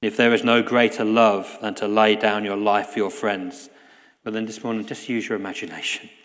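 Earnest preacher in a reverberant church. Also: male voice, fairly low pitch, flat delivery, normal speed. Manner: earnest, drops to a soft hush at key lines. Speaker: guest preacher. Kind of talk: sermon.

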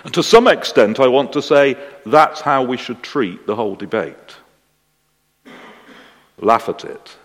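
A man preaching a sermon at a slow, deliberate pace. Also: medium pitch. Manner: slow, deliberate delivery, animated voices in the story. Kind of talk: sermon with a told joke. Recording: long hall reverb.

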